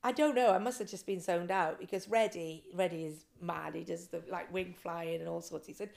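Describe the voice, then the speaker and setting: Lively woman telling a story. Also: lowish voice, brisk, gravelly, few pauses. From Britain. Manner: animated, acts out quoted voices. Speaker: guest, ice swimmer. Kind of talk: casual interview storytelling.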